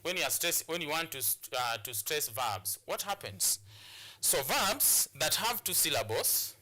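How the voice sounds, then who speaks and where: A man's voice: a little high, big pitch swings, a little slow, sharp tone. A man from Kenya teaching an English lesson on television, repeating key points and restarting phrases as he explains. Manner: repetitive, drilling points, many restarts and fillers. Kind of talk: classroom lesson on a TV show.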